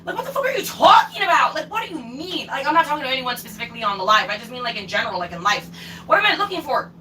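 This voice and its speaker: Young woman on a live stream, high bright voice, cussing and going off, says stuff over and over, faint hum behind. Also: sing-song, racing. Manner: profane, emphatic, repeats herself. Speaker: livestreamer. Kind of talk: casual livestream rant.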